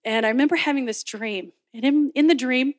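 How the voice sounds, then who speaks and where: A woman from Canada giving a lively personal testimony in a chapel sermon, acting out the voices of the people in her story. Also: high voice, a little fast, no room sound, studio quality. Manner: laughs often while telling. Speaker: speaker at a Bible college chapel.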